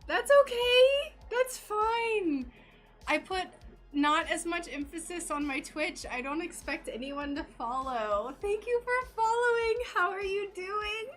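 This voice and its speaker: A woman's voice: extremely high pitch, animated, slow, fairly bright tone, faint music behind. An American woman livestreaming her stained glass craft, chatting casually and giggling as she greets viewers.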